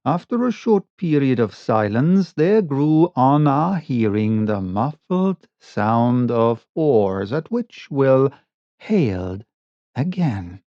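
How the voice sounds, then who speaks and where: Slow dramatic male story reader. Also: medium pitch, dry recording. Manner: slow, dramatic, varied delivery. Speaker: audiobook reader. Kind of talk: scripted story narration. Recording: dull lo-fi recording.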